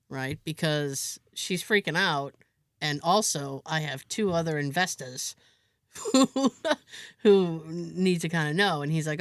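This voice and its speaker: A woman's voice: low voice, expressive, a little slow, no room sound, studio quality. A woman co-hosting a podcast, telling a story in casual chat and acting out other people's lines as she goes. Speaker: podcast co-host.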